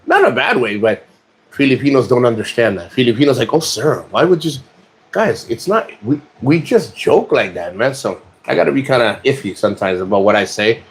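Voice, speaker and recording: A man's voice: medium pitch, big pitch swings, brisk. Crude, rambling man chatting to camera. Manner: crude joking, rambling with restarts. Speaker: vlogger. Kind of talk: casual chat to camera. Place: rented room in the Philippines.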